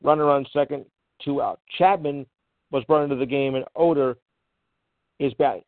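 A man's voice: medium pitch, fairly even intonation, moderate pace, pauses often, no echo. A man hosting a casual sports show, reading draft picks and tripping over hard names with offhand asides. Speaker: podcast host reading sports news. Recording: tinny phone line.

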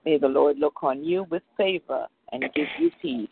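A woman's voice: sits low, big pitch swings, moderate pace, vocal fry, slightly rough. A woman closing a prayer call with a fervent spoken prayer and blessing, repeating "oh God" between phrases. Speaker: prayer line member closing in prayer. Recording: tinny phone line.

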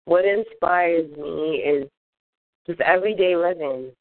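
A guest rapper, a woman with a voice on the low side, answers interview questions slowly in an earnest, upbeat way, listing things fondly. The recording is dry, with tinny phone-line audio.

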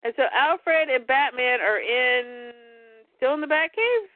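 A woman's voice: high-pitched, animated, measured pace, dry recording. A woman casually retelling a cartoon story in a chatty way, laughing now and then. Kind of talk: casual plot recap. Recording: dry, tinny phone-like line.

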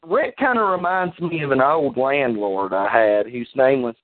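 A man's voice: mid-range voice, animated, measured pace. A man making crude jokes in a phone chat. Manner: joking, crude. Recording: phone-line audio.

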